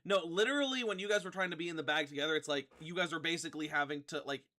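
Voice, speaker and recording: A man's voice: on the high side, very fast, pushed and bright. A man casually narrating as game master, full of likes and teasing asides. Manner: casual, filler-heavy, teasing.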